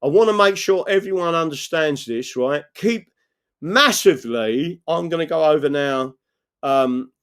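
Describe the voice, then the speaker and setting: A man's voice: fairly high pitch, unhurried, a bit bright, clear, resonant tone. A man hosting a live political stream, rambling earnestly, often asking "right?" and reading out viewer messages. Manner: reads out and answers viewer messages. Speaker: political livestream host.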